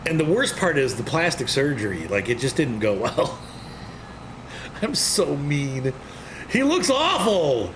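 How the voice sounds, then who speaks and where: A man's voice: on the high side, sing-song, takes it slowly. A man giving rambling, casual gameplay commentary, often laughing, while he plays. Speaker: gameplay streamer. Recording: game engine noise behind voice. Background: farm vehicle noise from the game.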